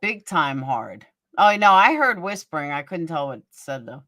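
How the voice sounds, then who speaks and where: Her lowish voice swings widely in pitch and moves a little fast, with a bright, forceful tone in a dry, clean studio recording. She hosts a casual livestream, gossiping, swearing bluntly, and answering viewers by name as she reads their comments.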